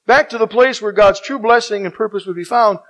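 A man with a high-pitched voice preaches a sermon from the pulpit. He is emphatic, rising on his key points and slowing right down to stress each verse. Now and then he stops and asks his listeners to fill in the next word. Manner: asks the congregation to finish verses. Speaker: pastor.

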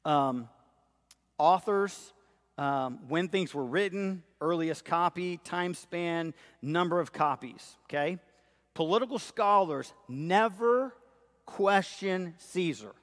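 Emphatic male preacher in a reverberant hall. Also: on the high side. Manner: emphatic preaching with rhetorical questions. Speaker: pastor. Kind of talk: sermon.

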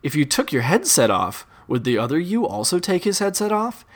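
A man reads out a choose-your-path adventure in the second person. His delivery is wry and deadpan, with laughter slipping through. His pitch moves in a lively way. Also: a little fast. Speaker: narrator.

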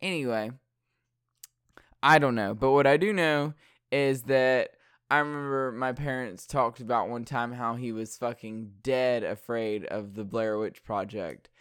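A young man rambles through a casual story, swearing freely and laughing as he goes. His voice is smooth and clear at an average pitch, recorded close with no room sound. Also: measured pace, fairly bright tone, no echo.

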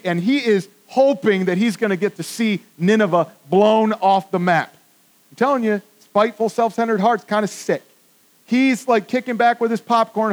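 A man with a high voice preaches a sermon in a church, talking in a casual, conversational way. He drops to a hush for reflective points and rises to loud emphasis when he drives a point home. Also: poor audio. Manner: conversational, swings from hushed to emphatic. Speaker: pastor. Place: church with congregation.

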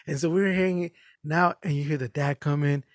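A man's voice: on the high side, steady tone, fairly quick, dry recording, clean studio sound. A middle-aged man telling stories in a casual, profane podcast chat, laid-back and acting out the people he quotes. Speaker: podcast co-host.

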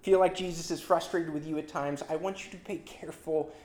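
A preacher giving a sermon in an expressive, emphatic manner, with dramatic swings between loud and soft delivery. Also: medium pitch, fairly quick. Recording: roomy echo.

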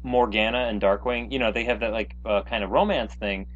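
A man co-hosting a podcast, chatting casually about a cartoon, lively and hesitant with fillers. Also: on the low side, fairly quick, lo-fi sound. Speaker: podcast co-host. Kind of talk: casual chat reviewing a cartoon.

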